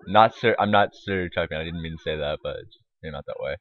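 Low-voiced guy mumbling through a let's play, lots of ums, thin tinny mic, dead dry. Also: fast talker, dry recording. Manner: rambling, mumbled asides with many fillers. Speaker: gaming YouTuber. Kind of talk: casual let's-play commentary. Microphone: desktop microphone.

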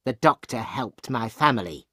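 A man voicing a stern, fierce French wine-shop woman in an audiobook, speaking in a firm, grim, measured way. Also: medium pitch, expressive, bright, forceful tone, no echo, clean studio sound. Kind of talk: graded reader audiobook acting.

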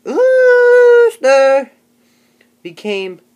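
A young man mimicking a slow, dim teenage boy who stumbles through reading aloud, drawing out each word. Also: very high-pitched, huge pitch swings, a little mellow, voice pushed up, exaggerated voice. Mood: halting. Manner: halting, stumbling, drawn-out words.

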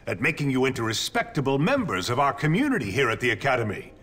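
A man voicing a pompous, threatening older school headmaster who speaks in low, clipped formal sentences. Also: sing-song, quick pace, a bit bright. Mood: stern.

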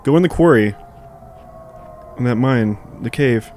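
A man's voice: mid-range voice, a little slow, darkish tone, a little hiss or hum. Teasing man giving backseat directions. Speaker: co-host watching gameplay. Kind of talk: casual gameplay banter.

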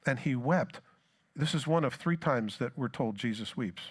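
A man's voice: mid-range voice, moderate pace, husky. A man preaching a sermon as pastor, earnest, reading scripture aloud with rising force and then talking it through plainly. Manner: earnest, repeats words when restarting.

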